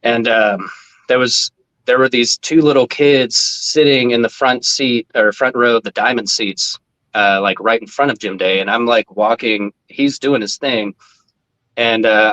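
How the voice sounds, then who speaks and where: Podcast guest, man, mid-pitched, loose and profane storyteller, laughs a lot, animated quotes. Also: poor audio. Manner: animated, profane, laughs often, jumps up in pitch when quoting others. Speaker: podcast guest, former team mascot. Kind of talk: casual storytelling.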